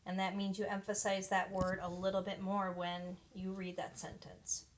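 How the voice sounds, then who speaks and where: A woman reading a children's book aloud, pausing to explain words to young listeners. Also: mid-range voice, monotone. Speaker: reader of children's books.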